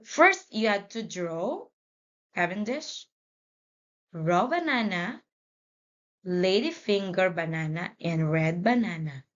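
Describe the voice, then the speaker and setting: A woman teacher giving a children's English lesson, prompting read-alongs in a slow, deliberate way. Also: fairly low pitch, animated, highs cut off.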